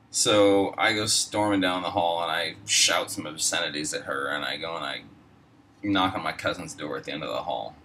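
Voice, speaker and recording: A man's voice: deep voice, normal speed, pushed and bright, recorded from a distance, slight background noise, low-quality recording. A man casually telling a personal story, rambling and profane, heavy on fillers. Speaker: storyteller host.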